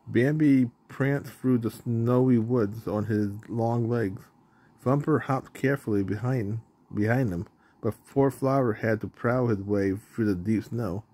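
A man reading a children's storybook aloud in a plain, even narrating manner, with the odd stumble. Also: medium pitch, a little slow, slightly rough.

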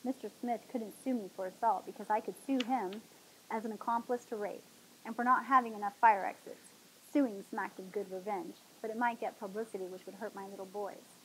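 A woman hosting a talk show, reading a novel aloud in a dramatic, expressive way. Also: medium pitch, fairly quick, slight background noise, low-quality recording.

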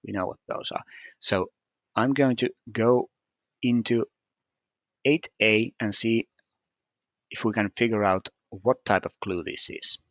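A man's voice: on the low side, steady tone, unhurried, pauses often, a bit bright, no room sound, dull audio. A man walking through a puzzle solution step by step, hesitant and methodical, with frequent fillers. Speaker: puzzle solver explaining solutions. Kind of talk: screen-recorded puzzle walkthrough.

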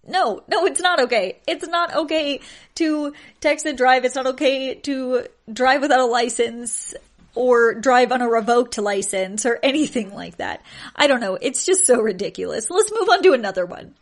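A young woman hosts a podcast and tells odd stories in a relaxed, chatty way. Her voice sits a little high, and she keeps breaking into amused disbelief and laughter. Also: moderate pace. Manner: incredulous, often laughing at the stories. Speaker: podcast host. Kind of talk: casual storytelling chat.

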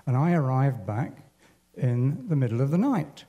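An older man telling a personal war story at a church service in a halting, unhurried, wry way. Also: medium pitch, sing-song, warm tone, highs cut off. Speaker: church speaker. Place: church hall.

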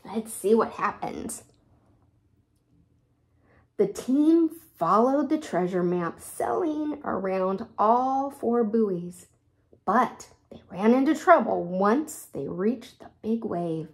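A woman reading a children's picture book aloud, talking to young listeners in a slow, animated way. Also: medium pitch. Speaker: storybook reader.

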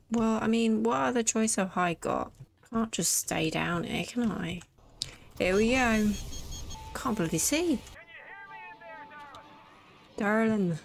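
A woman chatting through a let's play in an unhurried, gravelly voice, joking and muttering to herself as she plays. Her commentary is casual and playful. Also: fairly high pitch, expressive, fairly bright tone. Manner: chatty, jokey, talks to herself.

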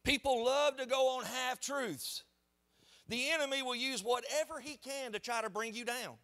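Animated high-voiced pastor preaching. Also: male voice, moderate pace. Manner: animated, conversational preaching with storytelling. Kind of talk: sermon. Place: church sanctuary.

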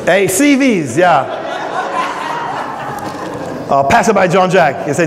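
A man preaching a relaxed Bible study in a church hall. His voice sits high and swings widely in pitch, and it rings with long reverb. He keeps teasing people in the pews by name. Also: measured pace, pauses often, a crowd in the background. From Australia. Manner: joking, teasing the congregation by name. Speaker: pastor. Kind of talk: conversational Bible study sermon.

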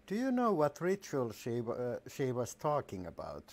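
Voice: medium pitch, huge pitch swings, normal speed, a little mellow. A streamer giving casual commentary while playing a game, musing aloud with hesitations.

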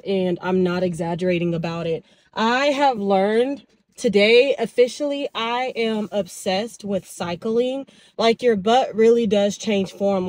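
A woman's voice: medium pitch, dry recording. A woman in her twenties chatting casually in a vlog, telling stories with lots of quoted back-and-forth, filmed on her phone in her car and at home. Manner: chatty, animated storytelling with quoted dialogue. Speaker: vlogger. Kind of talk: casual vlog chat to camera.

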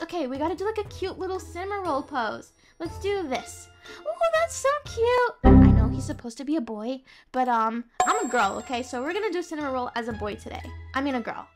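A high, sing-song Australian woman talks through her gameplay in a bubbly, excitable way. Her voice leaps up and down as she gasps and gushes. Game music plays clearly underneath her voice-over. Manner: bubbly, gasping, lots of "like" and "oh my gosh". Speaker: gaming YouTuber. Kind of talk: casual gameplay commentary.

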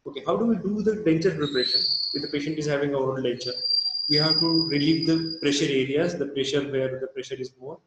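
A man with an Indian English accent giving a dental lecture, halting with fillers and restarts. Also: on the high side, reverberant, very noisy. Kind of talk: recorded lecture.

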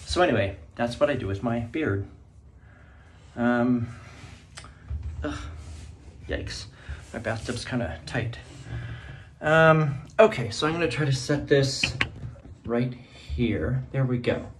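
A man's voice: mid-range voice, takes it slowly, pauses often, a little hiss or hum. A middle-aged male teacher talking casually to his phone from a small bathroom, nervous and rambling, exclaiming to himself as he goes. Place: small bathroom, sitting in a bathtub. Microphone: phone propped nearby.

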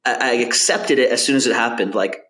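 A man's voice: mid-range voice, fairly quick, sharp tone. A young man from Canada telling his story as a podcast guest in a loose, casual way, full of filler words.

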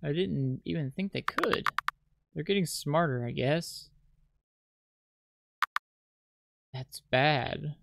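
A streamer voicing a lonely nonbinary child who looks after a dark house, reading the game's lines aloud in a halting way that repeats words. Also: medium pitch, vocal fry, background noise. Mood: anxious. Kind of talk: reading game dialogue aloud. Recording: loud piano music behind.

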